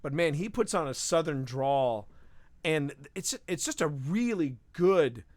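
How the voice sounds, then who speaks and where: A man co-hosting a live podcast stream, talking in an animated, rambling way with frequent restarts. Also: on the high side, measured pace, no echo. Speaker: podcast co-host. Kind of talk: casual live-stream chat.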